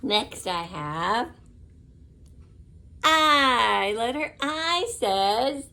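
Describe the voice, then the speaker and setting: A woman teaching young children the vowel sounds, drawing out each sound slowly and praising them. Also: a little high, big pitch swings. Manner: slow, sing-song, drawn-out repeated sounds, encouraging; warm praise and soft blessing to close. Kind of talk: slow phonics lesson for children.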